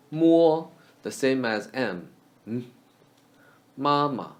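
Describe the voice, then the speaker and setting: A young man leads a beginner pronunciation lesson at an unhurried pace. His pitch moves a lot as he says each sound clearly and repeats it for the learner. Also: a little mellow. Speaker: Chinese language teacher. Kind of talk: scripted lesson narration.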